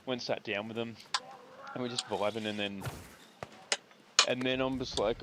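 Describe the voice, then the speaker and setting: Over loud music and general background noise, a young Australian man streams a game and rambles through a long tale full of slang and curses. He speaks at a normal speed in a fairly low, fairly even voice, pausing often.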